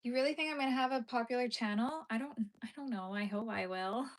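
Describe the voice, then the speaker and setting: A woman's voice: on the high side, fast talker. A young adult woman chatting casually on a live stream while she crochets, answering viewer comments and murmuring to herself as she works.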